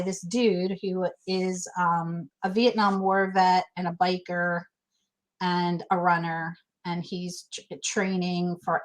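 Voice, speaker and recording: A middle-aged woman talks as a guest in a casual interview, her voice sitting low. She tells her story candidly and with feeling, often breaking off and restarting her sentences. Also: low-quality recording.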